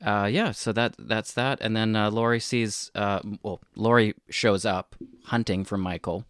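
A male co-host with a lowish voice recorded close and dry. He talks in a halting way, breaking off with dry quips. It sounds like casual talk among friends about a movie. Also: steady tone, a bit bright, dry recording. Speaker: podcast co-host.

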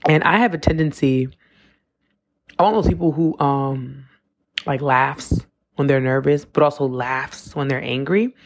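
A woman's voice: extremely low pitch, steady tone, a little slow. A woman, hosting a casual reflective podcast monologue, talking loosely with lots of "like" and restarts. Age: 20s. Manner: conversational, with frequent "like" and self-corrections. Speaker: podcast host.

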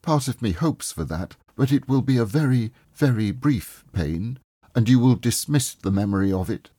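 A man reading the part of a sorrowful young woman who softly releases her fiancé, speaking gently and with quiet reproach. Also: medium pitch, animated, moderate pace, slightly rough, no room sound, studio quality, voice pushed up. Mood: resigned resolve.

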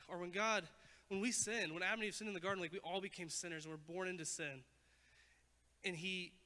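Young male pastor, high-pitched, casual and animated sermon delivery, long reverb. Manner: casual, animated preaching with many "like" fillers. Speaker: youth pastor.

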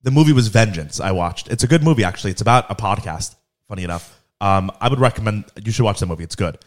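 A man's voice: on the low side, animated, fast talker. A man co-hosting a podcast, chatting casually, teasing his co-host and laughing often. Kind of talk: casual chat.

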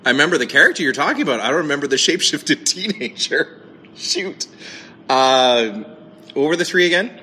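A man's voice: a little high, sing-song, brisk, bright, forceful tone, slight background noise. A man playing along in a casual podcast trivia quiz, thinking aloud and laughing often. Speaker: quiz contestant.

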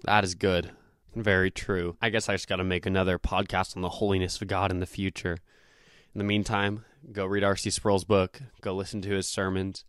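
A man's voice: fairly low pitch, no echo. Earnest man preaching in a dry room. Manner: earnest, emphatic preaching with frequent scripture quotes. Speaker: podcast host. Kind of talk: devotional podcast teaching.

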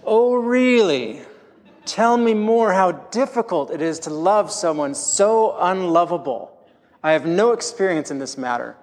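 A man voicing an imagined, sarcastic God in his sermon, slow and high-pitched. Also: expressive, long reverb tail. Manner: dry, sarcastic.

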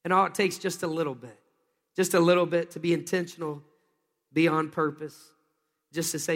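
A man, preaching a sermon in a folksy storytelling way that rises into excited bursts. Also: a little high, moderate pace, long pauses. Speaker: pastor. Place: church sanctuary. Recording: long hall reverb.

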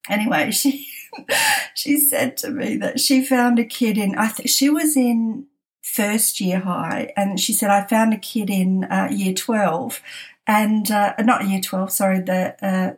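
A woman's voice: mid-range voice, a little slow. A middle-aged woman telling a family anecdote on a podcast, laughing often and acting out the quotes. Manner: laughs often while telling, animated quoting. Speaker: podcast storyteller. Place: at home desk.

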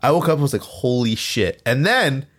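A man's voice: mid-range voice, expressive, normal speed. A man in his twenties co-hosting a podcast, chatting loosely and telling stories with quoted asides and swearing. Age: 20s. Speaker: podcast co-host. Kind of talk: casual chat.

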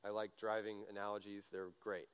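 A man preaching a casual sermon, telling stories in a chatty, animated way, full of fillers and restarts. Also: fairly low pitch, fairly quick, clear, resonant tone.

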